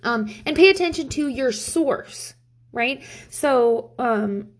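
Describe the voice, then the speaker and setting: A woman's voice: high voice, animated, slow. A woman in her thirties talking casually to camera as a parent, candid and profane, rambling with lots of fillers. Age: 30s. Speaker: parent vlogger.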